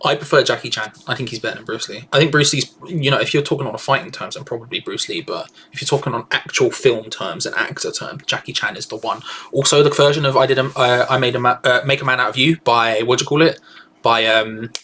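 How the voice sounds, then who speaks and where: Young male fan co-host, mid-pitched bright voice, talkative and teasing, repeats phrases. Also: quick pace, a little hiss or hum. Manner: chatty, teasing, repeats himself. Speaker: co-host of a fan watch-along. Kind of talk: casual live football chat.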